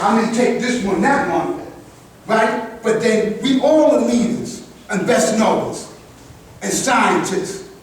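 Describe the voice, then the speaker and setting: An older man addressing a gathered group with impassioned, preachy talk, often calling the listeners "God" and restarting his sentences. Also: high voice. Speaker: speaker at a community gathering. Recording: echoey room, distant mic, faint noise.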